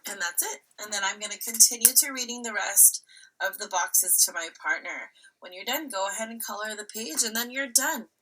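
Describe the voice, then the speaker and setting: A woman's voice: mid-range voice, moderate pace, sharp tone, low-quality recording. A woman teacher giving a remote reading lesson to young children, patient and step-by-step, often checking in with "right?".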